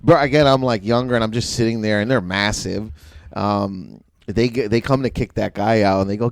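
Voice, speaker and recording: A man telling animated stories in a casual podcast chat, laughing often and acting out what people said. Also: medium pitch, fairly quick, dry recording. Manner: animated storyteller, laughs often, acts out quotes. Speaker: guest comedian.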